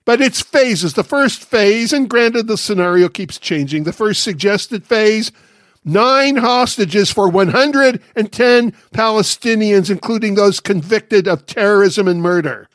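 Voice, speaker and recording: High-voiced sarcastic male commentator. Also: animated, unhurried, a bit bright, no echo, clean studio sound. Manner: sarcastic, emphatic. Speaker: radio and TV commentator. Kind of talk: scripted political commentary.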